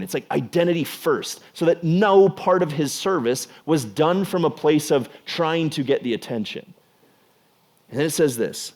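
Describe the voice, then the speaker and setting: A man's voice: on the high side, expressive, normal speed, a little mellow. Casual young man preaching to teens. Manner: conversational, filler-heavy with frequent "like". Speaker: youth pastor. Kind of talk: casual youth sermon.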